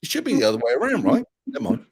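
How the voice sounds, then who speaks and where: Man, livestream host, casual rambling chat, sweary, animated pitch, dry close sound. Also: rapid-fire, vocal fry, breathy edge, no echo.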